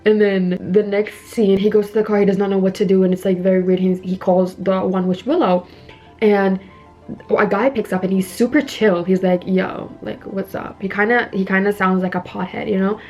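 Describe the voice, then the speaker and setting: A woman's voice: mid-range voice, steady tone, fairly quick, darkish tone, soft background music. A young woman chatting casually while doing her makeup, retelling a horror film scene by scene with lots of "like" fillers and acting out bits of dialogue. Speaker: beauty vlogger recapping a horror film. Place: indoors at home.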